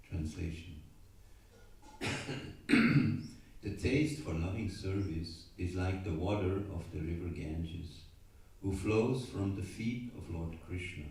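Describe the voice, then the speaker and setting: Deep, slow man reading scripture in an echoey hall. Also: darkish tone, a little hiss or hum. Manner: measured, leads a congregation to repeat line by line. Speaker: scripture class leader. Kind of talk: reading scripture verses and translations aloud. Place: temple hall. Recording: echoey hall, voice far from mic.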